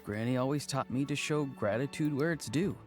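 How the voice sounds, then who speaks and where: A man's voice: mid-range voice, faint music behind, close to an everyday voice. A man voicing a dreamy young man who talks in formal, flowery riddles, in a video game. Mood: earnest. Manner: slow, formal, poetic.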